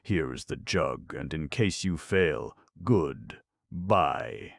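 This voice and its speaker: A man voicing a heartless male wizard king in a storybook, slow, sneering and mocking. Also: very deep voice, animated, creaky, no echo, studio quality, full character voice.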